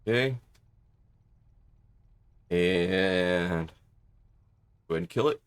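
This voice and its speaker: Man, low voice, flight-sim streamer, casual chat, stammers and restarts, radio calls. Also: extremely slow, smooth. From Southern California. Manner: rambling, stammers and restarts, chatty. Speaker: streamer playing a flight simulator.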